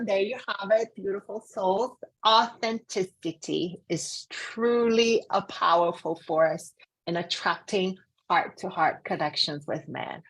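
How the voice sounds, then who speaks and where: A woman's voice: medium pitch, poor audio. A woman host and love coach giving earnest, heartfelt advice in a casual chat.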